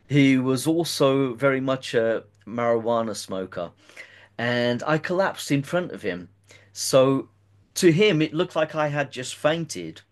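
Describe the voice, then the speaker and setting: A man with a mid-range voice is interviewing a guest and tells a long personal story. He hesitates often and repeats words as he goes.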